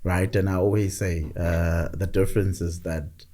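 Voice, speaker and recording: A middle-aged man telling stories in a reflective conversation, measured and often repeating words as he gathers his thoughts. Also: sits low, fairly even intonation, warm tone. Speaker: podcast guest.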